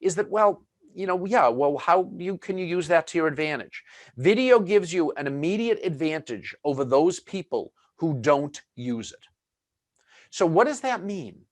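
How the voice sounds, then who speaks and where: A man's voice: a little high, animated, moderate pace, no room sound. Chatty man giving a webinar talk. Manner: chatty, many fillers and asides. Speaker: webinar presenter.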